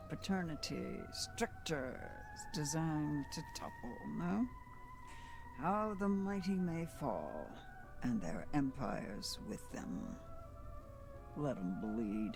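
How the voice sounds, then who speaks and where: A woman voicing a cryptic older female tarot-reading fortune teller in a video game, speaking slowly and theatrically. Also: extremely low pitch, gravelly, exaggerated voice. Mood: menacing. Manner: slow, theatrical and ominous. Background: game music.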